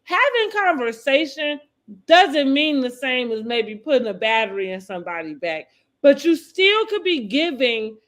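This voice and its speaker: A woman hosting a casual podcast chat, talking in loose restarts and quoting others in a lowered voice. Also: expressive, moderate pace, a bit bright. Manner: talks in loose restarts, quotes people in a dropped voice. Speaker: podcast host. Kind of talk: casual chat about reality TV.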